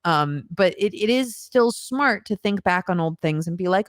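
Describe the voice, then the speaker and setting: A woman's voice: mid-range voice, lively intonation, normal speed, hardly any pauses, no echo, clean studio sound. A woman voice actor as a podcast guest, talking in a reflective, earnest way with frequent ums. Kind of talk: casual podcast conversation.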